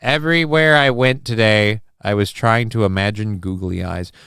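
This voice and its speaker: A man hosting a live stream in a low, smooth and clear voice, reading out viewer messages in a deadpan ramble full of ums and uhs. The sound is close and dry with no room around it. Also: moderate pace, dry recording. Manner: rambling and deadpan with many fillers. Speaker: live-stream show host.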